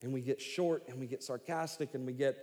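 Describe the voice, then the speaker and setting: A middle-aged man preaching as a pastor, telling the story with lively paraphrased voices. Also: medium pitch, brisk, in a large hall. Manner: animated storytelling, voicing God and Cain in paraphrase. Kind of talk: sermon.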